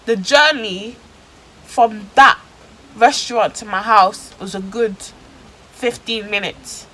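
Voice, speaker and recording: A woman's voice: medium pitch, slow, bright, forceful tone, rough recording. A woman telling a dramatic story in casual slang for her vlog. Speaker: vlogger.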